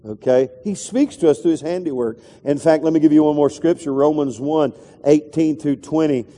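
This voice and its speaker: High-voiced pastor preaching in a reverberant hall. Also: male voice, moderate pace, dark tone. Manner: conversational, rambling with restarts and asides. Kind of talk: sermon.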